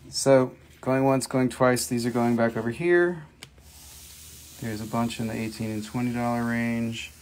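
A man's voice: mid-range voice, steady tone, unhurried, a little mellow, a little hiss or hum. A man hosting a live stream where he sells crystals, talking in a chatty, joking way. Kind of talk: casual live sales stream.

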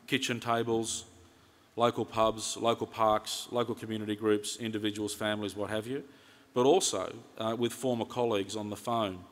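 A middle-aged Australian man giving a conference keynote speech, earnest and steady, telling his points in detail. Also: on the low side. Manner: earnest, retells conversations in detail. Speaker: keynote speaker. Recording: reverberant conference hall.

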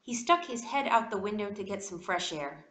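A woman reading a children's storybook aloud with expressive delivery. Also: mid-range voice, normal speed, echoey room. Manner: expressive, animated. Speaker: reader.

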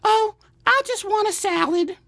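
A man mimicking his wife in a high falsetto, a breezy wife who nibbles off his plate. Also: unhurried, gravelly, bright, forceful tone, no room sound, heavily acted. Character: wife who orders salad, then eats his food.

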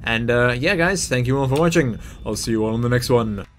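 Excitable young man commenting on gameplay. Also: medium pitch, fairly quick, slight background noise. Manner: excitable, jokey, yelps and mutters while playing. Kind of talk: casual let's-play commentary.

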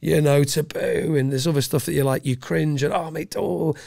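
Speaking briskly with fairly even intonation, a former special forces guest from England, middle-aged, chats bluntly on a podcast and curses a lot. His voice is a little high, creaky and dark in tone, and the studio sound is clean with no echo.

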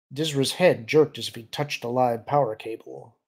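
A man's voice: medium pitch, normal speed, gravelly. A man narrating a novel as an audiobook reader, reading steadily.

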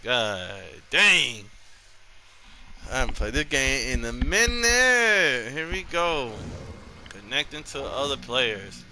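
A man hosting his gaming channel, giving casual gameplay commentary with loud, excitable, repeated exclamations. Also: medium pitch, slow, slight background noise. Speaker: gaming YouTuber host.

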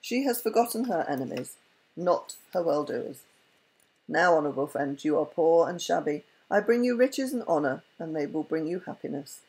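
A woman voicing a wealthy male enchanter who speaks gravely and in a measured way in a storybook reading. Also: low-pitched, lively intonation, a little mellow, heavily acted, rough recording.

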